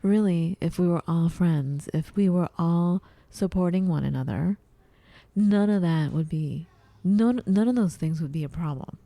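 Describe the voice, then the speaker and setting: A woman with a fairly low voice and some vocal fry speaks a little slowly, co-hosting a podcast from home in a casual chat. She's animated and acts out her own puzzled, confused voice. The recording has no room sound.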